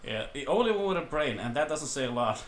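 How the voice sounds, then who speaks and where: A man's voice: medium pitch, very animated, normal speed, fairly bright tone, slight background noise. A man co-hosting a casual comedy podcast, full of crude jokes and swearing. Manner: crude jokey banter, swears a lot. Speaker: podcast co-host.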